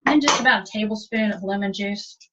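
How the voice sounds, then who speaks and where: A woman's voice: medium pitch, brisk, a bit bright. Chatty woman demonstrating cooking, distant. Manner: chatty, step-by-step explaining. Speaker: cooking instructor. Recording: dull lo-fi audio from a distance.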